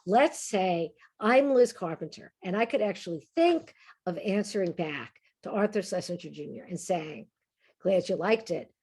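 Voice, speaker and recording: A woman acting out an earnest grown man, musing aloud slowly and deliberately in a lowered voice. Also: lively intonation, darkish tone, husky.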